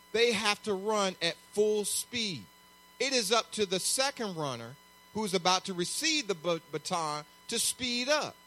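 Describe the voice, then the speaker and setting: A man preaching a sermon as pastor, conversational and animated, acting out little asides. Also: high voice.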